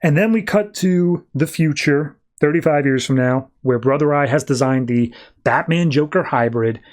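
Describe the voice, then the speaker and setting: A man's voice: fairly high pitch, moderate pace. A man hosting a podcast, recapping a comic issue in a rambling, casual way. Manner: rambling, slips into quoted voices. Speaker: podcast host.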